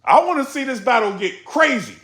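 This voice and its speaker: A man giving a casual recap of a rap battle as host of his channel, animated, repeating lines and breaking into loud outbursts. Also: extremely high pitch, fairly quick, echoey room.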